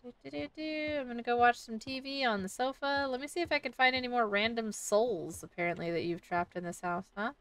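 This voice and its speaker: A woman's voice: on the high side, fairly quick, few pauses, a bit bright, smooth, recorded from a distance. A woman playing a horror game, chatting playfully and commenting as she goes, often talking to the game's baby. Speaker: gaming YouTuber. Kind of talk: casual let's-play commentary.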